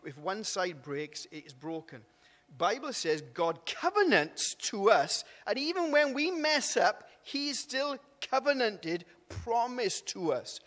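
In a church hall with a big-room sound, a pastor from Wales delivers his sermon conversationally. His fairly high, slightly bright voice keeps repeating and restarting words and asking "isn't it?".

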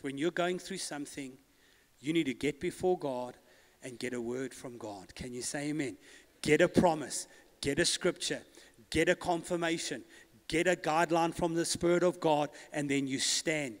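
A man's voice: a little high, in a large hall. A male pastor preaching a sermon with rising emphasis, calling on the congregation to repeat after him. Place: church hall.

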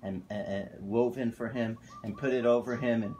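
Animated storytelling male pastor. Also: medium pitch, moderate pace, slight background noise. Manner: animated, storytelling, self-correcting. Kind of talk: sermon. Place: church fellowship gathering.

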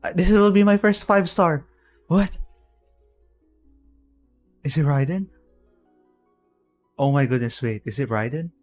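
Stunned, slow-talking gaming YouTuber. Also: mid-range voice, faint music behind. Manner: stunned, keeps blurting "oh my god" and "what". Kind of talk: excited game reaction.

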